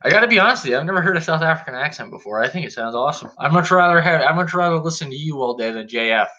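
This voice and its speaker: A man's voice: a little high, lively intonation, very fast, sharp tone, dull audio. A man hosting a casual podcast chat, opinionated and blunt with jokey banter. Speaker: host.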